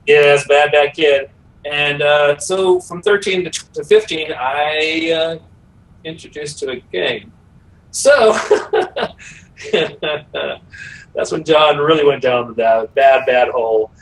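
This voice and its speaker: A middle-aged man, a podcast guest, telling a personal story in a casual, animated way, acting out the voices he quotes. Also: a little high, slow pace, distant mic, low-quality recording.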